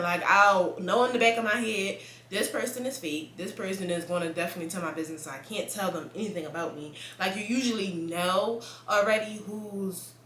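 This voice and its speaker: Blunt, profane young woman in an echoey room. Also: mid-range voice. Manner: blunt, profane and animated, with frequent laughs. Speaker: vlogger. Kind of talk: casual chat to camera.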